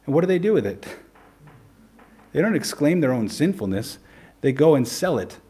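A man, a pastor, preaching a sermon in an earnest way, slowing down to stress key points and putting rhetorical questions to the congregation. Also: a little high, very animated, warm tone, husky.

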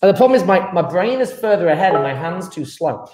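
A man's voice: sits high, sing-song, quick pace, darkish tone, echoey room, poor audio. A man teaching a chemistry class online, chatty and teasing with his students.

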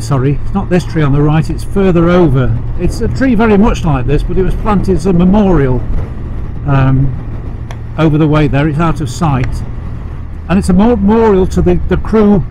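A middle-aged English man telling stories while riding a motorcycle, rambling along with many fillers and restarts. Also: fairly high pitch. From England. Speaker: motorcycle vlogger. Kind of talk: casual ride narration. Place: outdoors riding a motorcycle sidecar on country roads. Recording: road and engine noise behind.

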